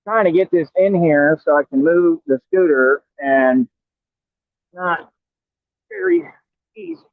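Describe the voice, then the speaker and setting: A vlogger rides a scooter outdoors and taunts a rival in a cocky, trash-talking vlog. His voice is high for a man, sing-song and unhurried, and he often stammers and restarts. The audio is thin and phone-like, close and dry.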